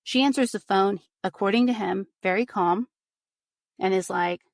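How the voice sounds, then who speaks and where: A woman walks through a true crime case in a loose, animated podcast chat, peppering her telling with "like" and "you know". Her voice sits at an ordinary middle pitch and is recorded close and dry, with no room sound. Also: normal speed, creaky, no room sound. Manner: animated retelling, frequent "like" and "you know", acts out quotes. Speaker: podcast guest recounting a case. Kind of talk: casual true crime storytelling.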